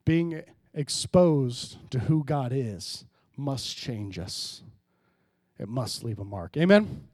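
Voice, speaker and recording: A man pastor preaching a sermon, swinging between hushed, low passages and loud, emphatic rises, often calling out to the congregation. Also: expressive, takes it slowly, dry recording, studio quality. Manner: preaching with sudden drops to quiet and loud rises, calls to the congregation.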